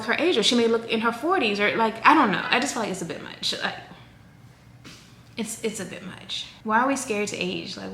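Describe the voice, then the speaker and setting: Chatty woman in her thirties, echoey room. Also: medium pitch. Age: 30s. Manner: chatty, rambling, animated. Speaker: vlogger. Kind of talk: casual chat to camera. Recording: echoey room with faint noise.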